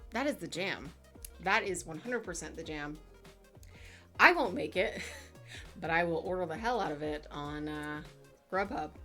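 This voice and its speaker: Chatty woman streamer, lowish voice. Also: fairly bright tone. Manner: chatty, with many fillers and playful asides. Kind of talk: casual chat with live chat.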